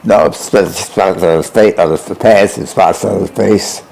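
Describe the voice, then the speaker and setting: A very old man in his hundreds with a low, gravelly, mellow voice. He answers as a veteran guest, mostly in a word or two, unhurried and plain. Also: fairly even intonation, a little hiss or hum. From Niagara Falls, New York. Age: 100. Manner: terse, mostly one-word replies. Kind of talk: interview answers.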